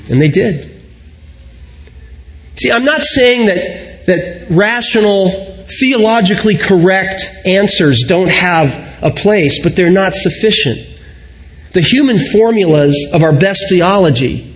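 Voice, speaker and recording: A middle-aged male pastor delivering a sermon in a high-pitched voice. He tells his stories reflectively, easing down and going quieter when he lands his main points. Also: lively intonation. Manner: reflective storytelling, slowing and softening on key points.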